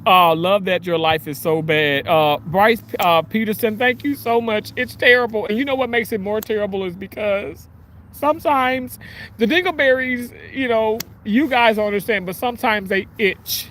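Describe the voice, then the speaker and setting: A man's voice: high voice, moderate pace, a bit bright, slight background noise. A man hosting a casual livestream. He reads viewer comments in a crude, giggly, playful way. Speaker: livestream host.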